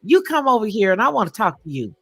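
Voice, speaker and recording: A speaker voicing a kind woman school noon aide who gently coaxes a child. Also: medium pitch, sing-song, fast talker, breathy edge, dry recording, soft background music, voice pushed up, full character voice. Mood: coaxing. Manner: sweet, coaxing.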